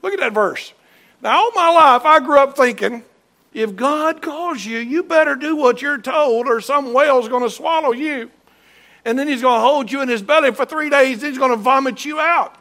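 Man, very high voice, animated sermon, shouting at peaks. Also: moderate pace. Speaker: pastor. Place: church sanctuary.

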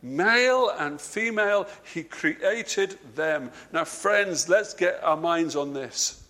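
A man preaching a sermon, stressing key words by slowing down and dropping his voice, with frequent repeated words and restarts. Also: animated, sharp tone. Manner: emphatic, slows and drops low on key words.

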